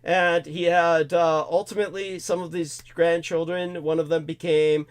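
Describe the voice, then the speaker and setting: A man hosting a talk show, ranting in an animated, indignant way with many fillers, restarts and curses. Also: a little high, moderate pace, clear, resonant tone. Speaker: host.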